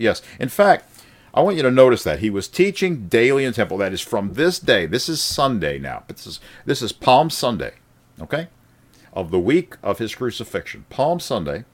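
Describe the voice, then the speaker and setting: A man preaching a sermon, reading scripture and explaining it with emphatic rises and quiet drops. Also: lowish voice. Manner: animated, rising emphatic then dropping quiet.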